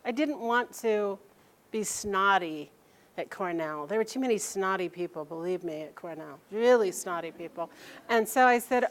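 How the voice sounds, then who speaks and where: A woman telling a personal story aloud, halting and restarting sentences and acting out the people she quotes. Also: medium pitch, expressive.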